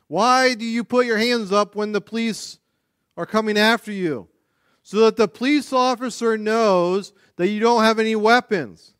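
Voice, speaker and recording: Animated high-voiced male pastor preaching. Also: clean tone, no echo, studio quality. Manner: animated, conversational preaching with frequent restarts. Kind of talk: sermon.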